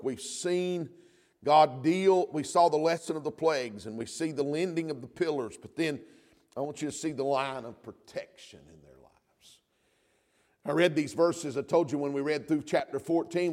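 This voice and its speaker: Fervent preacher in a reverberant hall. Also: male voice, a little high. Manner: fervent preacher, repeats "amen", rises to shouts. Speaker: pastor. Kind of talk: sermon. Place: church sanctuary.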